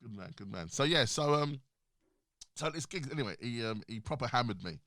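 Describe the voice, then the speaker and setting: A man's voice: mid-range voice, animated, a little fast, sharp tone, no echo. A man hosting a casual chat in a studio, talking animatedly, laughing often and restarting his sentences. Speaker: podcast host.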